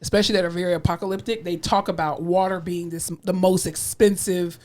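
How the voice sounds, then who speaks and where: A young adult woman co-hosting a podcast in casual chat, emphatic and quick to laugh. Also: on the low side. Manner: animated, emphatic, laughs often. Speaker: podcast co-host.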